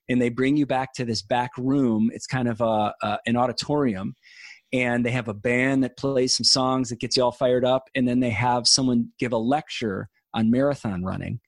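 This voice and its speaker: A middle-aged male author, appearing as a guest, talks earnestly in a casual conversation and builds out long, extended analogies. His mid-range voice has fairly even intonation and a normal pace, recorded in studio quality with no room sound.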